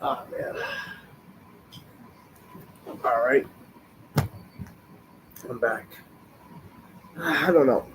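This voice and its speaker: A man's voice: medium pitch, drawn-out words, pauses often, a little hiss or hum. A man reviewing a wrestling show in a rambling, frustrated rant, swearing often and sighing, unwell and short of breath. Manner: profane, frustrated, rambling with sighs.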